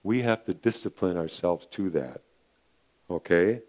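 A man's voice: deep voice, a little slow, a little mellow. A male pastor preaching a sermon in an earnest, repetitive way, often calling his listeners friends.

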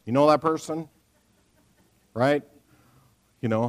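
A middle-aged man preaching to his church in a loose, conversational way. He tells everyday stories, acts out the voices of the people in them, and keeps checking in with the room with a quick "right?". His voice sits at an ordinary middle pitch. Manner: animated storyteller, acts out quotes, frequent "right?"; lively conversational sermon delivery. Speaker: pastor. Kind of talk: sermon.

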